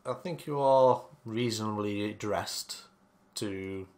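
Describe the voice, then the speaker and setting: A man voicing a formal keeper of a sacred flame in a tabletop game, speaking in a measured, welcoming way. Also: fairly low pitch, crowd noise.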